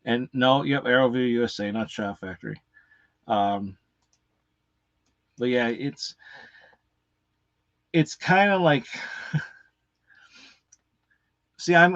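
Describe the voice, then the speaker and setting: A man's voice: mid-range voice, no room sound, lo-fi sound. A man hosting a casual live unboxing, rambling and cursing freely with lots of fillers. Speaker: movie reviewer and unboxing host.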